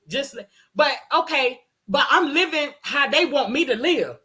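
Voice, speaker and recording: A woman's voice: high-pitched, lively intonation, moderate pace, sharp tone. Heated, emphatic woman ranting. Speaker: host. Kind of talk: casual chat.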